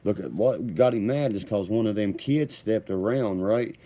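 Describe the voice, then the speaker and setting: Man, low voice, very dark tone, profane, rambling. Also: moderate pace. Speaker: vlogger. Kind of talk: heated rambling storytelling.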